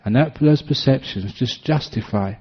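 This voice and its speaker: A man's voice: mid-range voice, moderate pace, slightly rough. A man speaking as a Buddhist monk in a dharma talk, telling anecdotes and often laughing. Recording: dull lo-fi recording.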